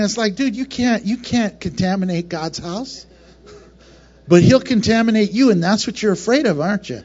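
A man preaching a passionate sermon as pastor, with laughs and quick acted asides between points. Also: high voice, a little mellow, dull audio.

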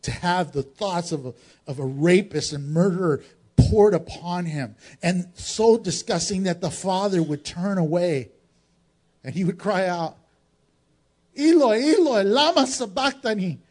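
High-voiced dramatic male preacher. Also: a little slow, husky. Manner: dramatic, swings between raised exclamations and hushed low tones; asks the congregation rhetorical questions. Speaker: pastor. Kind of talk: sermon.

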